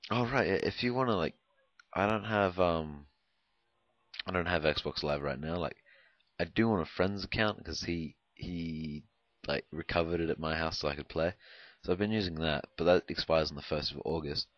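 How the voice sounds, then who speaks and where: A young man from Canada talks over his gameplay with a rumbling, very low voice. He rambles, hesitates and fills gaps with ums and likes. The recording is dry and dull, like a cheap home mic. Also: normal speed, dry recording. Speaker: gameplay commentator. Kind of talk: rambling casual gameplay commentary.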